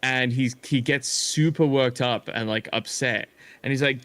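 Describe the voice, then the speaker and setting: A man's voice: medium pitch, unhurried, a bit bright, dry recording. A man telling a long story in casual chat as a streamer, rambling with frequent swearing and restarts. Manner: rambling, swears often, many fillers and restarts.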